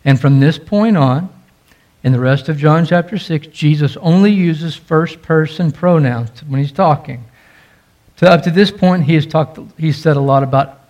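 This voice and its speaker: A man's voice: a little high, a little slow, a little mellow, dull audio. A man preaching a sermon as pastor, stressing key phrases emphatically.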